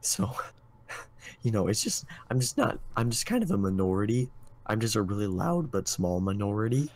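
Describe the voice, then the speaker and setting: A man from Minnesota chatting casually on a livestream voice call, playful and quick to laugh. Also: on the low side, big pitch swings, darkish tone. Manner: playful, laughs often, puts on an exaggerated local accent. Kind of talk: casual chat on a stream.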